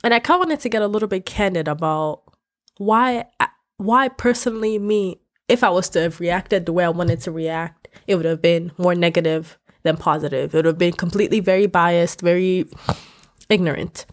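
A woman's voice: on the low side, normal speed. Candid woman ranting on her podcast. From West Africa. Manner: animated, candid and ranting, with frequent laughs. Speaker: podcast host. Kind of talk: casual podcast rant. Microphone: podcast microphone.

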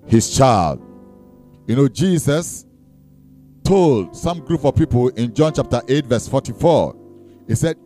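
A man preaching a sermon, leading the congregation in call-and-response with shouted, sing-song emphasis and frequent repetition. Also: fairly high pitch. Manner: repeats words and restarts.

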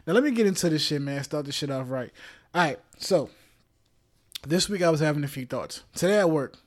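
A man's voice: fairly high pitch, animated, a little fast. Joking man hosting a podcast monologue. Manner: loose, joking, heavy profanity and slang; frequent laughs and check-in asides. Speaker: podcast host. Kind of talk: casual monologue.

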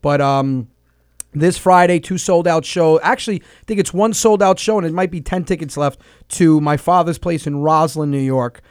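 Man, radio host, smooth clear voice, slightly high, dry studio sound, rambling casual chat. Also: moderate pace, dry recording. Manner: rambling, listing tour dates with fillers. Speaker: comedian hosting a radio show.

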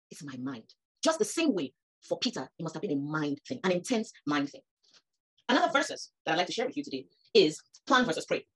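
A woman, preaching a sermon that rises to emphatic peaks. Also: medium pitch. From Nigeria. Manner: animated, rising to emphatic peaks.

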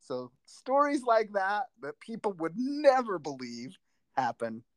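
A man who teaches driver's ed, chatting casually on a podcast and telling rambling, animated stories with many restarts. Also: sits high, measured pace, no echo. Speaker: driver's ed instructor and school teacher. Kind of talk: casual podcast chat, storytelling.

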